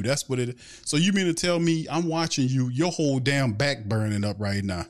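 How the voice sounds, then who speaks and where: A man hosts a casual sports fan podcast and talks in an animated rant. He fires off rhetorical questions one after another and stops to answer questions viewers send in. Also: mid-range voice, normal speed. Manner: takes viewer questions from chat.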